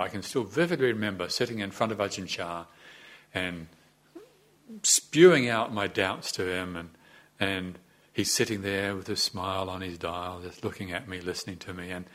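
Reflective older monk, lowish voice. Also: male voice, a bit bright. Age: 60s. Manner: reflective and self-deprecating, with frequent hesitations and restarts. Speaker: Buddhist abbot and teacher. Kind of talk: conversational dharma talk.

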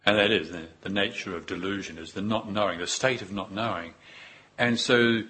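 A man giving a Buddhist dharma talk, unhurried and reflective, with pauses and repeated phrases. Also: lowish voice, sharp tone, husky. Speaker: Buddhist teacher.

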